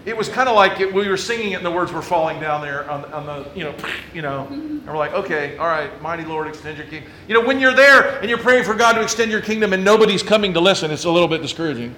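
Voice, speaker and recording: A man who is a pastor telling a story in a lively, humorous way and acting out his own quotes. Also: high-pitched, fast, a little hiss or hum. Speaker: Presbyterian pastor. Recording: echoey room with faint ambience.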